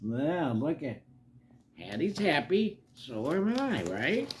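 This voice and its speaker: A man's voice: on the high side, very animated, takes it slowly, slight background noise. An older man reading a storybook aloud to children, with chatty, coaxing asides to the kids. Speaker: storybook reader.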